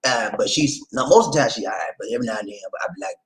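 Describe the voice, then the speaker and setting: A man's voice: mid-range voice, animated, rapid-fire, a bit bright, low-quality recording. A man hosting a casual livestream, chatting with viewers, laughing and giving sing-song introductions. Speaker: livestream host.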